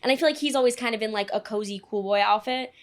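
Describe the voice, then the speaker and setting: Young woman podcast co-host, fairly high voice, lively storyteller who acts out the people she quotes. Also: quick pace. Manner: animated storyteller, acts out quotes with big pitch jumps. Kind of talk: casual chat storytelling. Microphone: podcast studio mic.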